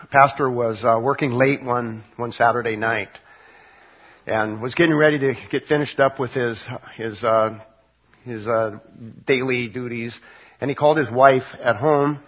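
A man preaching a midweek Bible study sermon, halting and full of fillers and restarts. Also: mid-range voice, fairly even intonation, muffled recording. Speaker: pastor.

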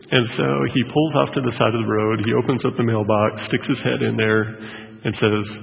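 A man's voice: medium pitch, fairly even intonation, moderate pace, creaky. A male pastor giving a sermon, telling a story in a conversational way with many fillers. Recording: dull lo-fi sound with long hall reverb.

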